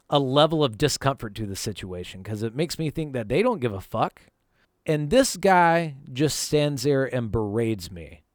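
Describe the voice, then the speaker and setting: Storytime vlogger from North Carolina, animated pitch, casual and swearing, dry close sound. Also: male voice, no room sound. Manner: profane, conversational, emphatic. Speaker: vlog host telling a personal story.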